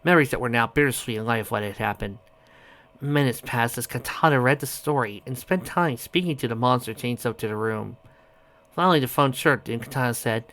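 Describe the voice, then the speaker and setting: A man's voice: medium pitch, brisk, fairly bright tone. A man reading a fan story aloud, often stumbling over a word and correcting himself. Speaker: audiobook reader.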